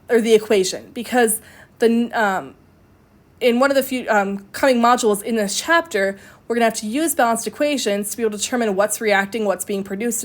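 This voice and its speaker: A female chemistry instructor gives a recorded lecture in a medium-pitched voice, walking through the material step by step. Her delivery is conversational, with fillers and self-corrections.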